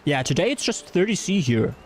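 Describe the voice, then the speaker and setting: A man's voice: high-pitched, very animated, brisk, soft background music. A man with a German accent chatting casually through a game livestream, rambling with fillers and reading chat messages aloud. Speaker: streamer.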